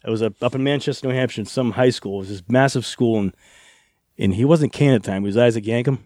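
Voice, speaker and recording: Fast-talking guy spinning funny locker-room stories. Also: mid-range voice, dry recording, studio quality. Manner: animated anecdotes with laughs. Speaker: guest, former wrestler. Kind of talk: podcast storytelling.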